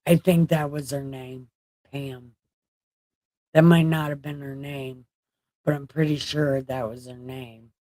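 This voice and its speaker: Slow, rambling tired woman on a livestream. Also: very deep voice, steady tone, warm tone, no echo. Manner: rambling, joking, chatting to viewers. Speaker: livestream host. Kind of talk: late-night livestream chat.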